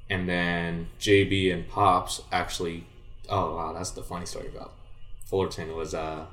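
A man's voice: low voice, normal speed, roomy sound. A young man, a guest talking casually about his baseball days, rambling along and acting out quoted lines. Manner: rambling, animated retelling with quoted dialogue. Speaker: guest, former baseball player. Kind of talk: casual storytelling.

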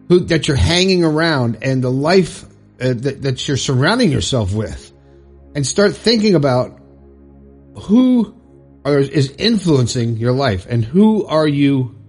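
An earnest man delivers a motivational monologue with a lively, swinging delivery. His voice sits a touch high and sounds husky. He repeats his points bluntly, swearing mildly, over faint music.

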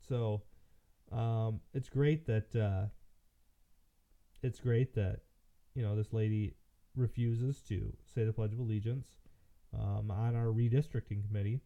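A tired, yawning man from Michigan hosts casual political commentary, rambling hesitantly with many fillers and restarts. His voice is on the low side and dark, with fairly even intonation, an unhurried pace and frequent pauses, captured in muffled lo-fi audio.

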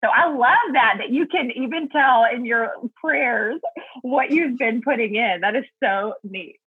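A woman's voice: fairly high pitch, measured pace, breathy edge, no room sound, narrow, tinny audio. A woman guest talking earnestly and thoughtfully about Bible study in a casual faith chat, laughing easily.

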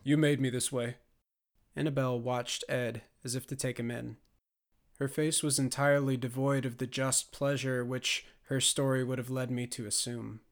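A man reading scripted audiobook narration in a measured, grave manner. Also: mid-range voice, flat delivery.

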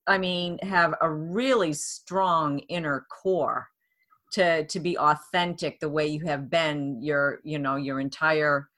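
A woman's voice: deep voice, fairly even intonation, takes it slowly, a bit bright. A woman interviewer asking questions in a supportive, affirming way.

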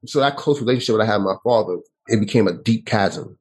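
A man, telling a personal story as an interview guest, with halting speech that often restarts and repeats. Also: on the low side, a little mellow, husky, rough recording. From New York City. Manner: halting, with frequent restarts and repetitions.

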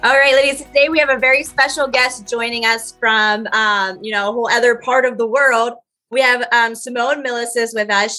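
Sex: woman. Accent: American. Role: podcast co-host. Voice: high and bright. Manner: chatty, rambling. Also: steady tone, a little fast. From United States. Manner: chatty, rambling with fillers and self-deprecating asides. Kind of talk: casual podcast chat.

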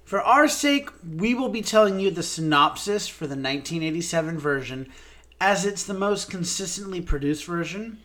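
A man's voice: high-pitched, lively intonation, normal speed, a bit bright. A man co-hosting a theater podcast, playful and fond of puns. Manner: playful, punning, sings snatches of show tunes. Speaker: podcast co-host. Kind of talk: scripted podcast discussion.

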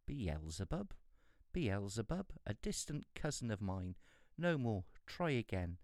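A man's voice: lowish voice, big pitch swings, a little slow, darkish tone, no room sound, studio quality. A man voicing a sly, gleeful little male devil in a storybook reading, with a mocking, sing-song manner. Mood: scornful.

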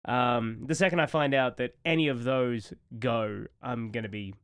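A man's voice: mid-range voice, normal speed, a bit bright, smooth, no echo. A man in his thirties co-hosting a podcast, rambling and emotional in casual chat, swearing freely. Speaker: podcast co-host.

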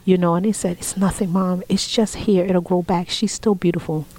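Heartfelt woman in her forties, soft-spoken. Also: on the low side, steady tone, moderate pace, no room sound, rough recording. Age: 40s. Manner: heartfelt, drops to soft whispers when quoting family. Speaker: interview guest. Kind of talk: emotional personal storytelling.

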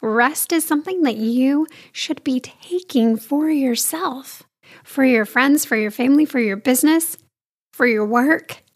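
Woman, high voice, casual vlog talk, confiding, addresses viewers as friends. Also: measured pace.

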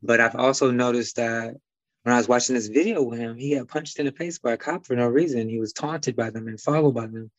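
A man's voice: mid-range voice, fairly even intonation, fairly quick, no room sound, dull audio. A man from Detroit with a slight Midwest twang, a guest talking casually and rambling with many fillers and restarts. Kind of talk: casual conversation.

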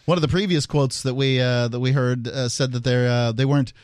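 A man's voice: mid-range voice, steady tone, brisk, darkish tone, no echo, clean studio sound. A man hosting a call-in talk radio show, chatting casually and wryly and laughing easily.

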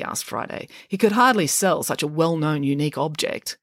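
A woman narrating an audiobook in an expressive storytelling manner. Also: deep voice, a little fast, no echo, clean studio sound.

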